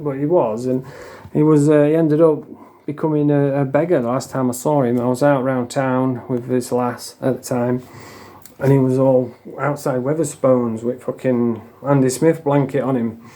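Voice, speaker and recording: Bloke telling stories, swears loads, mellow darkish voice, laughs at his own tales. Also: mid-range voice, fairly even intonation, normal speed. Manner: blunt, heavy swearing, laughs while telling. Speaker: storyteller. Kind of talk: casual storytelling.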